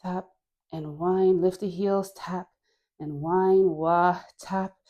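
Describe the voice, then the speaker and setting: A woman dance instructor calls out steps in a slow, easy cadence while moving, her voice mellow and relaxed. She is encouraging and playful and laughs between cues. Her breath shifts as she dances with a mic on. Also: fairly low pitch. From Caribbean. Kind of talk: guided dance class. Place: dancing while talking. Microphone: wearing a mic.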